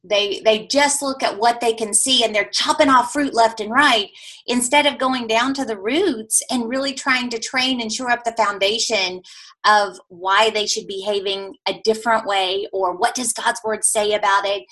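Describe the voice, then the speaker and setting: A woman hosts a faith-based parenting podcast in an easy, conversational way, affirming her guest and asking follow-up questions. Her voice is bright and sits fairly high. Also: steady tone, normal speed. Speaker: podcast host.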